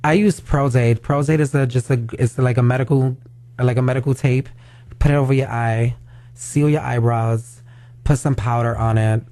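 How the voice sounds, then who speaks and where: List: man, drag queen guest, radio studio, warm dark tone, filler-heavy chat. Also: mid-range voice, steady tone, normal speed, no echo. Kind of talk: casual radio interview chat.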